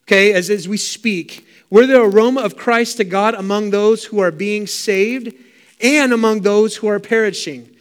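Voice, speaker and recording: This is a sermon from a middle-aged male preacher, fervent and driven by emphatic repetition. He keeps a moderate pace, and his voice sits strikingly high for a man.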